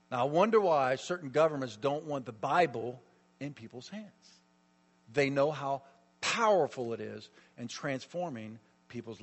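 A middle-aged man preaching a sermon as a pastor, telling stories emphatically with lots of repetition, in a reverberant hall. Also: medium pitch.

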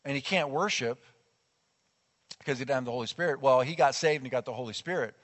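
Animated preaching man in a reverberant church. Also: medium pitch, fast talker. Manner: animated, conversational preaching with acted quotes. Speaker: pastor. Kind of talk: sermon. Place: church sanctuary. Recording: long church hall reverb.

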